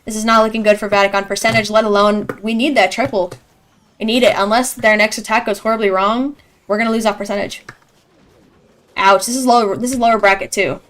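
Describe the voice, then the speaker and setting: A young woman giving live esports commentary in a chatty, excitable way, reacting loudly to each play. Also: medium pitch, brisk. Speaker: esports caster.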